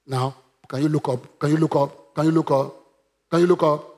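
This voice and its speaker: A man's voice: fairly high pitch, steady tone, normal speed, darkish tone. A man preaching a sermon, emphatic and calling on the congregation to repeat after him. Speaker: pastor.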